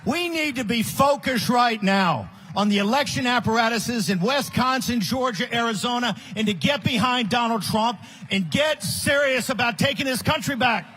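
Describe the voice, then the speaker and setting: A man giving a fiery, combative political speech at a conference, often shouting and scornful. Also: very high voice, normal speed, hardly any pauses, a little hiss or hum. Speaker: conference speaker. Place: large conference hall.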